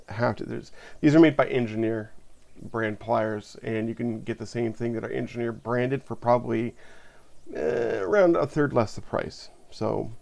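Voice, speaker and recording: A man's voice: mid-range voice, creaky, a little mellow. A man casually talking through a hands-on electronics repair, thinking aloud as he works at his bench. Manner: chatty, thinks aloud while working. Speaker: repair video host.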